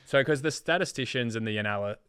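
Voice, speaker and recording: A man's voice: mid-range voice, quick pace, fairly bright tone, clean tone, no echo. A man in his thirties with an Australian accent, a former footballer telling laid-back stories as a podcast guest. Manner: laid-back storytelling, quotes teammates. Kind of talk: casual podcast chat.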